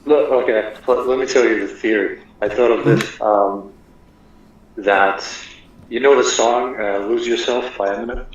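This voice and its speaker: A man with a Russian accent calling into a talk show, speaking haltingly and searching for words. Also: medium pitch, steady tone. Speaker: caller. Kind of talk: casual call-in chat. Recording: very echoey, dull lo-fi, faint noise.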